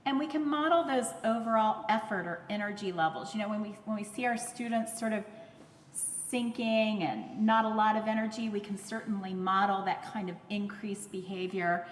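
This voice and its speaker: A woman's voice: mid-range voice, slight background noise. Woman lecturing in an echoey hall. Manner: explanatory, measured, with fillers. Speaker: conference speaker, speech therapist. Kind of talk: remote lecture presentation.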